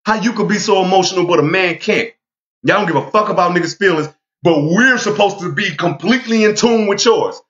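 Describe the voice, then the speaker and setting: A man rants with a fairly high, animated voice that swings up and down. He is blunt and profane, hammering the same lines over and over for emphasis. The audio is a bit dull and lo-fi. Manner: angry, profane, emphatic, repeats himself for emphasis. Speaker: vlogger. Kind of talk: heated monologue rant.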